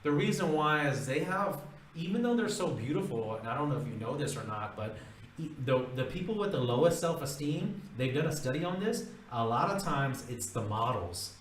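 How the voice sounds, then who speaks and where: A man's voice: fairly high pitch, animated, normal speed, roomy sound, distant mic, slight background noise, poor audio. A man giving blunt, emphatic, profane dating advice in a casual monologue, repeating his points. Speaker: dating-tips vlogger.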